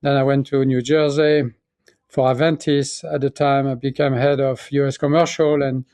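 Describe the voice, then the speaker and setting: A man's voice: medium pitch, level tone, darkish tone, dry recording. French-accented man with a dry voice. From France. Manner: reflective, halting with frequent restarts and fillers. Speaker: guest, pharmaceutical chief executive. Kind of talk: conversational interview.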